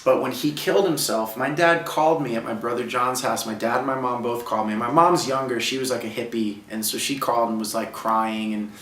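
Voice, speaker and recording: A man's voice: mid-range voice, fairly quick, hardly any pauses, a bit bright, far from the mic, slight background noise. A man in his thirties from Brooklyn, New York, a musician telling personal stories in a casual, heartfelt way. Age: 30s. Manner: casual, heartfelt, heavy use of "like". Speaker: musician guest. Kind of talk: reflective personal storytelling. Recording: roomy sound, speaker away from mic.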